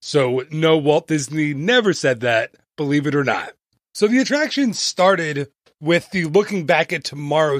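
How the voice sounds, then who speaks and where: Chatty man hosting a podcast, slightly high. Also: a bit bright, dry recording, studio quality. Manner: chatty and playful, with jokey asides. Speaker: travel podcast host. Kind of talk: casual podcast narration.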